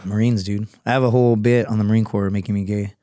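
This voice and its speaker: A man's voice: on the low side, fairly even intonation, fast talker, dark tone, clear, resonant tone, no echo, clean studio sound. Rambling, profane man. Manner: rambling, profane, jumps between stories. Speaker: podcast guest, former Marine scout sniper and comedian. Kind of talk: casual storytelling chat.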